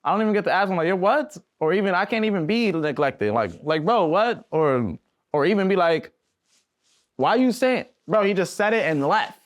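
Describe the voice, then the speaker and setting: This podcast guest, a young musician, talks quickly in a high voice while telling animated, slangy stories and doing impressions of the people involved. The recording is dry and has a clean studio sound.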